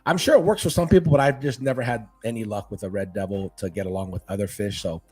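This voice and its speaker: A man who is a guest fishkeeper, chatting casually in an interview with a laid-back, animated manner. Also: on the low side, quick pace, husky. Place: living in Northern California.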